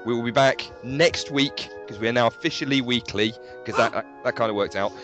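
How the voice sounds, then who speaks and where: A man's voice: mid-range voice, a little fast, fairly bright tone, soft background music. A man hosting a podcast in casual chat, joking and chuckling between remarks. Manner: jokey, chuckling, sign-off patter. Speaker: podcast host.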